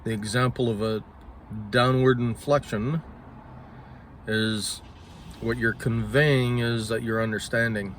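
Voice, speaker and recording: Man, mid-pitched, casual solo talk, halting, self-correcting, frequent throat-clearing, faint background hum. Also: fairly even intonation. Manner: halting, thinks aloud with restarts and self-corrections. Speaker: solo talker. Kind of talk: casual spoken musing.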